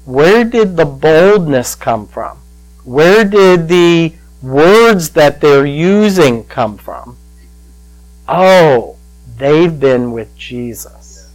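An older male pastor telling a personal story in a sermon, slow and emotional, choking up at times. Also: fairly high pitch, rough recording.

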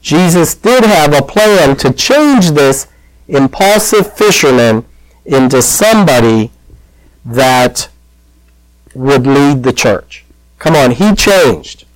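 A male pastor delivers a sermon in a fairly high voice, recorded dry and close. He tells the story with animated, acted-out voices and questions thrown to his listeners. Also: slow pace, no echo, poor audio.

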